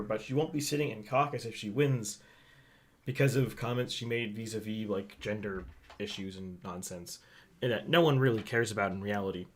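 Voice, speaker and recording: A man's voice: medium pitch, a bit bright. Guy rambling about election scenarios on a home podcast, shared mic, lots of restarts. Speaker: podcast co-host. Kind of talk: casual political chat. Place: home setup, not a studio. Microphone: shared microphone.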